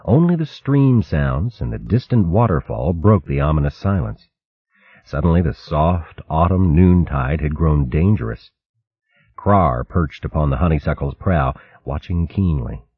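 Deep, husky male storyteller. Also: a little slow, no room sound, muffled recording. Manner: expressive storytelling. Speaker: audiobook narrator. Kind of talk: scripted narration.

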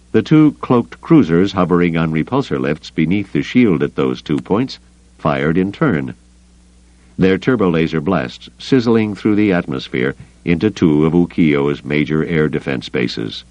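A man narrating an audiobook in a steady, even storytelling manner. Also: low-pitched, no echo, highs cut off. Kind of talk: scripted narration.

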